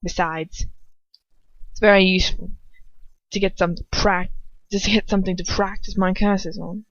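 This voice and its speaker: A woman's voice: mid-range voice, moderate pace, dull audio, lightly acted. Woman doing a cold, drawling aristocrat man. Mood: cool. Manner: calm drawl.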